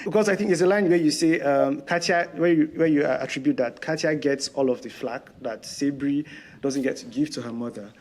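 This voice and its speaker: A man's voice: a little high, a little fast, darkish tone. Enthusiastic man hosting a book chat. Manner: enthusiastic, laughs readily. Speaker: podcast host. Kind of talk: casual book-discussion chat.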